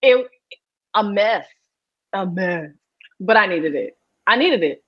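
A woman telling a candid personal story as a podcast guest, animated and often laughing. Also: slow, lo-fi sound. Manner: animated and laughing, voice jumps high.

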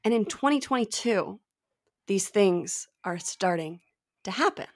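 A woman's voice: mid-range voice, expressive, measured pace. A woman hosting a podcast interview, telling a personal story in a reflective way. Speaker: podcast host.

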